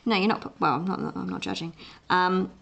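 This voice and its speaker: A woman's voice: on the low side, steady tone, a little fast, gravelly, highs cut off, noisy background. Chatty young woman with an Essex tinge. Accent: Essex-tinged English. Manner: chatty, rambling, with many fillers and restarts. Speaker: livestream art host. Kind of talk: casual chat while drawing.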